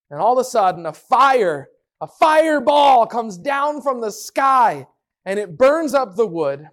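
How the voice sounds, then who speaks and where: Woman teaching a bible story to kids, super animated and playful, does little sound effects. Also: fairly high pitch, measured pace. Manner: lively, playful, lots of voices and sound effects.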